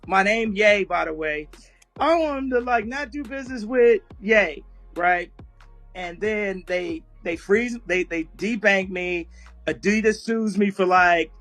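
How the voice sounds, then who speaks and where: In a high, fairly bright voice, a guest speaker in a live audio chat room tells a story casually, frequently breaking into laughter as he goes.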